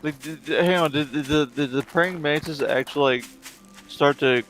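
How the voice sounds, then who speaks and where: A man's voice: on the high side, moderate pace, a bit bright, faint music behind. A young man streaming a game, chatting casually in a rambling way with many fillers and restarts.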